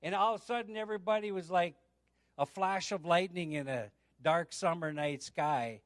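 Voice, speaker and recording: A man's voice: high voice, normal speed, no room sound, clean studio sound. A middle-aged man preaching a sermon, telling a testimony and acting out the voices of the people in it. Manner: storytelling, acts out the voices in his anecdotes.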